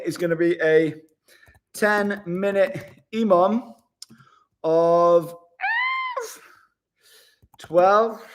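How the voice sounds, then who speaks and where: A man's voice: on the high side, slight background noise. A young man live-streaming a casual vlog from a hotel room, chatting with viewers, laughing often and calling everyone mate.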